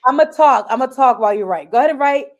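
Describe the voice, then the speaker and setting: A woman's voice: high-pitched, animated, rapid-fire, muffled recording, crowd noise. A woman co-hosting a live stream over a video call, talking in a bubbly, chatty way and laughing often. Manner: bubbly and talkative, laughs a lot. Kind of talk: casual live-stream chat.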